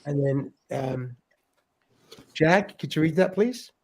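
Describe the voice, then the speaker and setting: A middle-aged man hosts a relaxed livestream, greeting viewers by name and reading their comments. His voice sits a little high for a man. He chuckles a lot and stumbles over words as he goes. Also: takes it slowly. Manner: chatty, laughs often, stumbles and repeats words. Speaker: livestream host.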